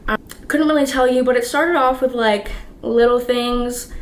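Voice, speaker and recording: A young woman in her twenties telling a storytime vlog to her camera, chatty and quick, with many fillers and a slight lisp from new aligners. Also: fairly high pitch, roomy sound. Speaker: vlogger. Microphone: camera mic.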